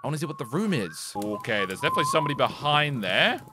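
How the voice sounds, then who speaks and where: A man giving excitable, jokey let's play commentary, taunting enemies as he plays, recorded on a desk mic with game music behind him. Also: mid-range voice, very fast, very noisy. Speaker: gaming YouTuber.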